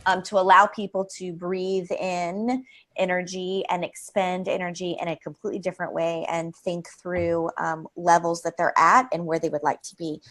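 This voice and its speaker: A woman speaking as a creativity expert in a live interview, energetic and rambling, with frequent fillers and laughs. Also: on the low side, moderate pace.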